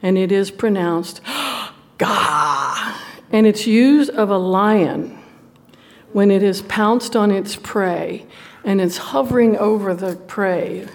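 A woman with a Southern US accent teaching a women's Bible study, folksy and playful, reading scripture slowly. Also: medium pitch, a little mellow. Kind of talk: Bible teaching to a live group.

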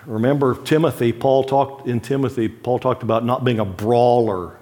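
A man's voice: medium pitch, fairly even intonation, normal speed, warm tone. A middle-aged male pastor teaching a sermon in a conversational way, asking the listeners frequent questions and laughing lightly.

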